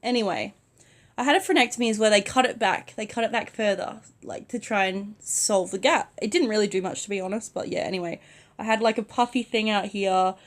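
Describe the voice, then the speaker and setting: A woman's voice: mid-range voice, brisk. Chatty young woman, sick in bed. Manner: chatty, many "like" fillers, soft-spoken. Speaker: vlogger. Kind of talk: casual storytime vlog. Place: in bed at home.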